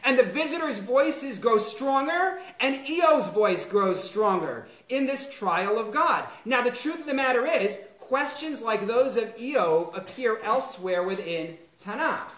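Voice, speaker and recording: A man teaching a class on a biblical book as a rabbi, quoting lines in varied, animated tones. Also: extremely high pitch, unhurried, hardly any pauses, roomy sound, low-quality recording. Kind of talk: lecture on a biblical text.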